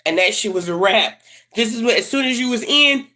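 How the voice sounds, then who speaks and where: Slightly high-voiced woman doing a tarot reading, cussing a lot, blunt and repetitive, super casual. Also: animated, a little fast, pushed and bright. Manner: blunt, profane, slangy; emphatic and repetitive. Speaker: tarot reader.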